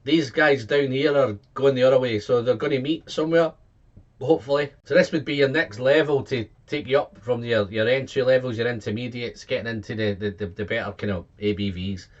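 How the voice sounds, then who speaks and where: A man reviews whisky in a casual, excitable way, piling up tasting notes and repeating himself as he goes. His voice sits at an ordinary middle pitch. The recording is a little dull and lo-fi. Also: brisk.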